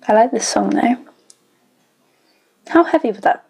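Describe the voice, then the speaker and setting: A woman's voice: mid-range voice, fairly even intonation, moderate pace, long pauses, mellow, husky. A young woman giving casual, blunt, sweary reaction commentary while watching a show. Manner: blunt, sweary, chatty asides. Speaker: YouTube reaction host.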